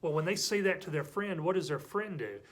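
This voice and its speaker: A middle-aged man teaching a church children's class, telling a story with big swings between loud bursts and hushed lines. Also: high voice, animated, a little fast.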